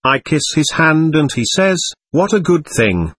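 A man reading a storybook, voicing an excitable, teasing young invalid woman with quick, playful talk. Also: mid-range voice, husky, no echo, heavily acted.

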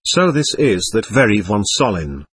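A man voicing a scheming, shameless old buffoon who taunts everyone, in a lively, husky storybook reading. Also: fairly low pitch, normal speed, no room sound, voice pushed down, exaggerated voice. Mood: mocking. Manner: impudent, taunting.

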